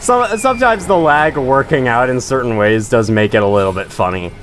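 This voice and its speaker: A man's voice: medium pitch, animated, a little fast, a bit bright. A man chatting through his own gameplay as host of a let's play, joking and often laughing. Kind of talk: gaming commentary.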